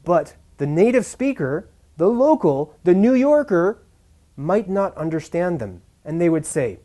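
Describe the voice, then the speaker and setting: A man teaching English pronunciation in a scripted lesson, speaking deliberately and stressing key syllables. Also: high voice, sing-song, warm tone.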